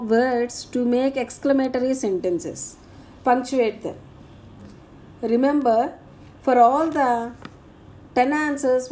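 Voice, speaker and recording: A woman teacher, slowly reading out grammar exercise answers and punctuation marks. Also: sits high, warm tone, slight background noise. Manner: slow, deliberate dictation of answers and punctuation.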